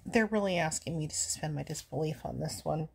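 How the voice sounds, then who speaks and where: Husky, low-voiced woman chatting while walking. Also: fairly quick. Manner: chatty, sarcastic, easily amused. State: a little out of breath from walking. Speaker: vlogger reacting to a movie. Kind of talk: casual rambling chat.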